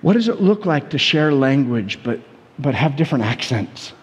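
A man with an American accent preaching a sermon as a pastor, telling stories in a conversational, animated way with many repetitions. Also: mid-range voice, normal speed, in a large hall. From United States.

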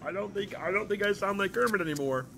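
A male streamer putting on a nasal, strained frog puppet voice while gaming, yelping and squeaking. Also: fast, creaky, very noisy. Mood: strained, frantic.

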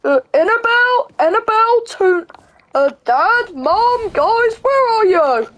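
A woman voicing an excitable teenage boy in a game role-play, yelping and gasping a lot. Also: extremely high pitch, takes it slowly, voice pushed up, full character voice. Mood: bewildered. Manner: yelps and gasps a lot.

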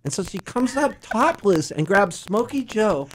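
Here the musician guest sounds high and sing-song, speaking a little slowly as he spins a long, rambling radio story punctuated by laughter. The studio mic recording is low quality, with slight background noise.

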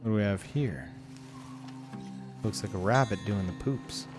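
Lively, excitable man streaming a game. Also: lowish voice, measured pace, music in the background. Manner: excitable, swears and exclaims at the game; talks to his chat. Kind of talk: live gameplay commentary.

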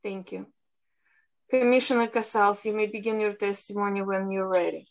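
Reading out formal procedural instructions, a Russian-accented policy analyst serves as moderator for a council hearing on a video call. Her mid-range voice stays steady and measured despite the poor audio quality.

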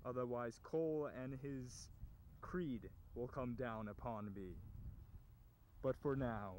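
A man's voice: mid-range voice, slow, darkish tone, slight background noise, poor audio. A young man giving anonymous, solemn, secretive testimony in a comedy sketch. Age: young adult. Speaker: anonymous interviewee. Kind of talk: mock dramatic testimony.

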